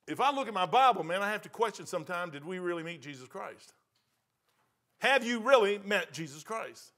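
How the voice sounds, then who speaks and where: Preaching a sermon, an older pastor with a Midwestern American accent speaks in a high, bright, forceful voice at a fairly quick clip. Animated, folksy, and emphatic, he repeats phrases to drive his point home.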